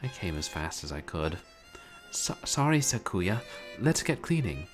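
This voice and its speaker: A man's voice: low-pitched, sing-song, a little slow. A man voicing a flustered student heroine. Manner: reads game dialogue aloud, stammers when flustered. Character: young female student, pigeon heroine, earnest and flustered. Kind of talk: reading a dating sim aloud. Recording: game music behind the voice.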